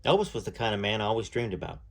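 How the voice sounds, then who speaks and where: A man reading a first-person story aloud in a measured way, now and then pausing to add his own asides. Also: on the low side, sing-song, gravelly.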